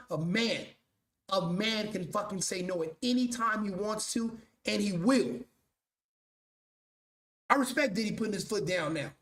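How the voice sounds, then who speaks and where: High-voiced man ranting bluntly, roomy echo. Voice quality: blunt, profane, mocking. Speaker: commentary show host. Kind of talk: profane commentary rant.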